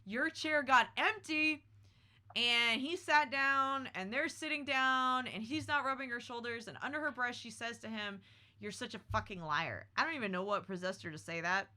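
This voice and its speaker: A woman hosts a casual podcast, spinning a story with brash, profane flair. Her voice sits a bit high and comes across bright and forceful. She tells it dramatically, with plenty of swearing. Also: moderate pace. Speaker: podcast host.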